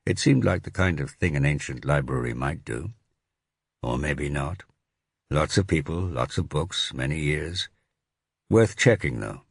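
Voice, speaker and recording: A man narrating a thriller audiobook in a steady reading voice. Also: very deep voice, unhurried, vocal fry, husky, no echo, clean studio sound. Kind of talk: scripted narration.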